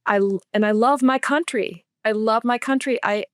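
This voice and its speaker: A woman's voice: fairly high pitch, dry recording. Earnest emotional woman, dry close sound. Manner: earnest and emotional, speaks slowly with feeling. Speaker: podcast guest, author. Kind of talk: heartfelt podcast conversation.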